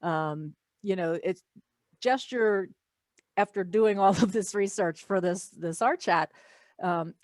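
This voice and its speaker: Medium-pitched, slow, and somewhat dark in tone, this art podcast host winds things down with casual conversation and warm advice for her audience. There's no room sound at all.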